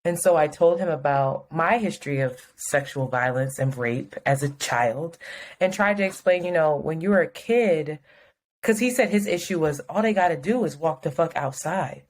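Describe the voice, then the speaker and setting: A woman's voice: low-pitched, normal speed, slight background noise. A woman co-hosting a podcast in casual chat, telling a story frankly and with plenty of swearing. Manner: frank, profane, animated storytelling. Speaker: podcast co-host.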